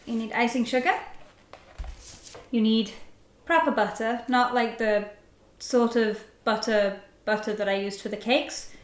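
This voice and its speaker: A woman's voice: on the high side, steady tone, measured pace, long pauses. A woman chatting through a casual baking tutorial, giggling as she works in a home kitchen. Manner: chatty, giggly, talks while working. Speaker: baking vlogger. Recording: echoey kitchen with clattering dishes.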